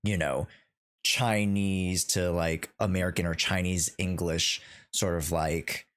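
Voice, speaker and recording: A man hosting a casual podcast chat on a headset, talking in a halting way with many restarts. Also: low-pitched, steady tone, a bit bright. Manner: hesitant, many restarts and fillers. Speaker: podcast host.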